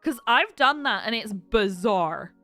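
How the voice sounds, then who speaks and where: A woman talks casually to her live-stream chat, close to tears and laughing often. Her voice sits high and sounds bright and forceful. Soft music plays faintly behind her. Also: animated, measured pace. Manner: emotional, laughs often, reads chat aloud. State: teary, close to crying.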